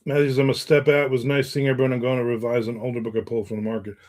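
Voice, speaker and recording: A man chatting on a livestream, drifting between viewer comments and small asides. His talk is joking and self-mocking, at a middling pitch for a man. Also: flat delivery, very fast, darkish tone. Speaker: livestream host. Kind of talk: casual live chat, reading viewer comments.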